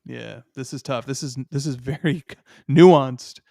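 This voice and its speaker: A man's voice: medium pitch, measured pace, creaky, warm tone, no room sound, studio quality. A man co-hosting a casual podcast, reading listener questions aloud in a playful way. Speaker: podcast co-host. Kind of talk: casual chat.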